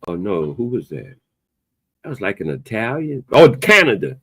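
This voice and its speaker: Black guy hosting a podcast chat, pitch jumping all over, dead dry sound. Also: moderate pace, husky, dry recording. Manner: animated, emphatic, loose conversational delivery with a playful edge. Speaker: podcast host. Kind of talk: casual opinionated chat.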